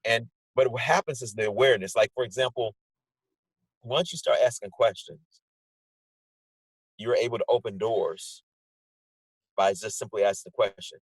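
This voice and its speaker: A man tells stories with lively energy, acting out little conversations with himself. His voice has a husky grain, and the sound is dry and close, with no room around it. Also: lowish voice, normal speed, pauses often, dry recording, poor audio. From Portland area, USA. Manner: animated storyteller, acts out his own inner dialogue. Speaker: guest. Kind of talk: casual conversation over video call. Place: indoors at home, sunny day. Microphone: video call setup.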